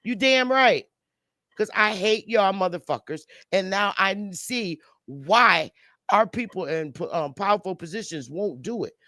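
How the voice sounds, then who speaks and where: A woman's voice: mid-range voice, expressive, unhurried, bright, forceful tone, dry recording. A woman speaking as a panelist on a live stream, delivering a heated, blunt and profane rant over a video call. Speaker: livestream panelist.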